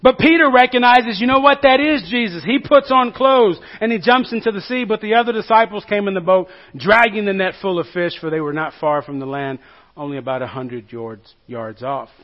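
A man with a high voice preaches a sermon. He retells the story with humor and plays out the quotes, swinging from loud to hushed. The recording sounds dull and lo-fi. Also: moderate pace. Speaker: pastor.

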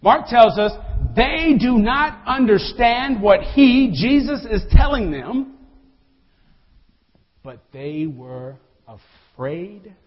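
A man's voice: very high voice, big pitch swings, takes it slowly, breathy edge. A man preaching a sermon as a pastor. He speaks with animation, addresses the congregation directly and acts out the quotes. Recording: dull audio with long hall reverb.

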